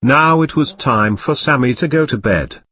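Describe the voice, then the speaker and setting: A man narrating a scripted comedy story in a flat, matter-of-fact way. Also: medium pitch, normal speed, slight background noise.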